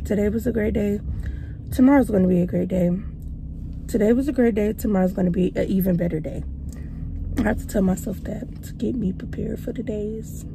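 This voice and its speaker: A woman's voice: mid-range voice, fairly even intonation, brisk, gravelly, dark tone, a little hiss or hum, rough recording. A young woman talking casually to her viewers in a vlog while out on errands, chatty and easily exasperated, a little out of breath from walking. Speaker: vlogger. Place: out and about, walking and driving.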